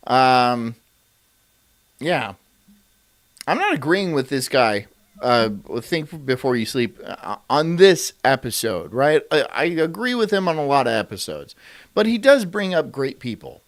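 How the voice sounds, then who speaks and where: A man's voice: fairly high pitch, big pitch swings, takes it slowly, a bit bright. A man hosting a stream, ranting in profane, incredulous commentary and laughing often. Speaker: streamer host.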